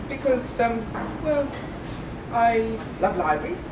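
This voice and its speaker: A woman's voice: on the high side, big pitch swings, slow, a loud crowd. A woman chatting through a personal story at a library morning tea, self-deprecating, laughing often and full of ums. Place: library meeting room. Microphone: distant room recording. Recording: echoey room from far off, with background noise.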